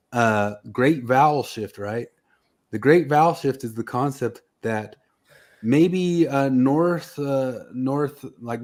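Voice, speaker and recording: A man's voice: medium pitch, darkish tone. A man chatting casually as a podcast host, rambling with many fillers and restarts. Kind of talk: casual chat.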